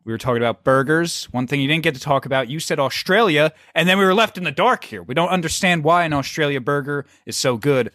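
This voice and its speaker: A man's voice: on the high side, lively intonation, fast talker, few pauses, a bit bright, no room sound, studio quality. A man hosting a podcast, chatting casually in a rambling, crude way and laughing often. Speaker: podcast host.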